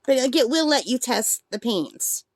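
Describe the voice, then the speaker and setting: Woman, a bit high-pitched, hiccuping, relaxed rambling unboxing chat, dry booth-like sound. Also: moderate pace, dry recording. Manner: chatty, rambling, with fillers and small laughs. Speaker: art supply unboxing vlogger.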